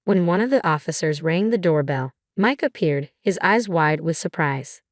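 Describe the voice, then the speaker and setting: A woman narrating a first-person drama story in a steady, measured way. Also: on the low side, no room sound, clean studio sound.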